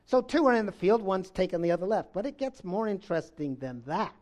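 A man preaching a sermon, reading scripture aloud and swinging between loud exclamations and low, intense stretches. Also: lively intonation, brisk.

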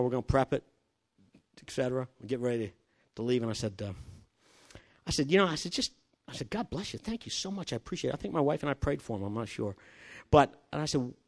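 An older man preaching, telling a personal story with acted-out dialogue and chuckles. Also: mid-range voice. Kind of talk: sermon with personal testimony story.

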